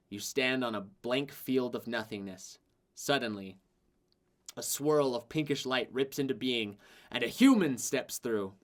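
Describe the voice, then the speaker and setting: Rambling male game master, filler-heavy narration. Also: medium pitch. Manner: rambling, full of filler words.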